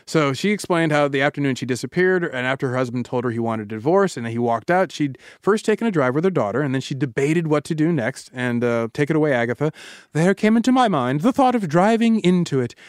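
A man's voice: medium pitch, quick pace, few pauses, clear, resonant tone, no echo, studio quality. A man co-hosting a podcast, telling a story in a joking, casual way. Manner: joking, lively storytelling with laughs. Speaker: podcast co-host. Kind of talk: casual chat.

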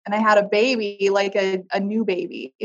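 A woman, a guest in a conversation, telling a personal story haltingly, with restarts and soft trailing pauses. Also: mid-range voice, fairly even intonation, muffled recording.

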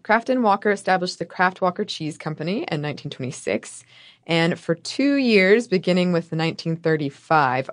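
Wry, low-pitched woman podcast host. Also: no echo, clean studio sound. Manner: wry, playful, laughs often. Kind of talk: scripted history storytelling with banter.

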